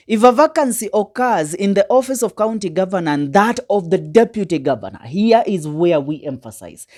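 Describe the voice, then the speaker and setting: A woman's voice: fairly low pitch, warm tone. Emphatic woman explaining law. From Kenya. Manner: emphatic, addresses viewers directly with rhetorical questions. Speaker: political commentator. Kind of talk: reading and explaining the law to viewers.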